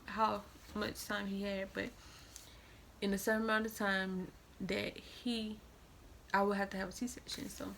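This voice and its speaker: 18-year-old woman, creaky voice, rambling storyteller, noisy traffic behind. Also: medium pitch, fairly bright tone. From Atlanta, Georgia. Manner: rambling, repeats filler "or whatever". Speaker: vlogger. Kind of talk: storytime vlog.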